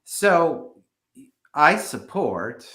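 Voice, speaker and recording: A man's voice: on the high side, very animated, extremely slow, bright, forceful tone, roomy sound. A man, a real estate agent, talking through the housing market on a live stream, hesitant with many fillers and restarts.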